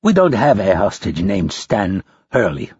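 A man's voice: lowish voice, very animated, measured pace, darkish tone, husky, no echo, muffled recording, heavily acted. A man voicing a cruel, mocking male captor who taunts and interrogates a prisoner. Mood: menacing. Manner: menacing, taunting.

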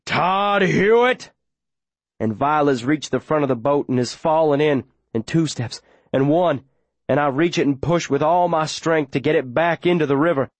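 A man's voice: a little high, normal speed, no room sound. A man narrating an audiobook in the first person, with urgent, breathless, run-on telling.

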